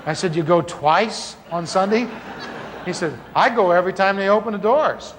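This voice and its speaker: A man telling a comic story from the pulpit, acting out the dialogue in a lively way. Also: high-pitched, normal speed, background noise. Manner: animated, comic, acts out dialogue. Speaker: preacher telling his conversion story. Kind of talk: storytelling sermon. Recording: large hall reverb, faint ambience.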